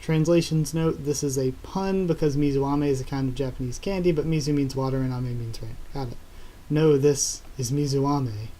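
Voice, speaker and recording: A man reading through a comic chapter live and reacting casually, excitable and laughing often. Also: mid-range voice, normal speed. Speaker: YouTuber reacting to a manga chapter.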